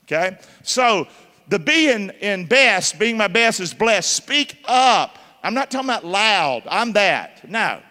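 Male pastor, high tense voice, emphatic call-and-response preaching, reverberant hall. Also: very animated, measured pace, bright, forceful tone. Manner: call-and-response questions to the congregation; emphatic, spells words out letter by letter. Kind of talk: sermon. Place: church.

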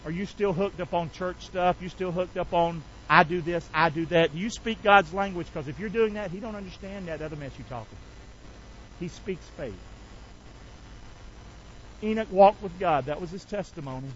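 A high-pitched man preaching to his church, calling out for the congregation to answer him back. He slides between folksy, slangy asides and solemn scripture. The sound is a little dull and lo-fi. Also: normal speed, a little hiss or hum. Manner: call-and-response preaching, asks the church to repeat lines. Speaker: pastor. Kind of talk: sermon.

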